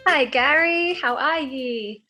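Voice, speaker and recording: Australian female guest, slightly higher voice, warm-friendly talker who laughs easily. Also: takes it slowly, soft background music. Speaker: guest singer. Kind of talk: casual interview chat.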